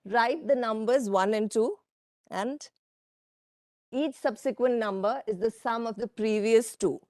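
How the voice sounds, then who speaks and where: A woman giving a workshop presentation from slides, speaking in a measured way with frequent fillers and asides to the audience. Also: a little high, darkish tone, dry recording, studio quality. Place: conference room.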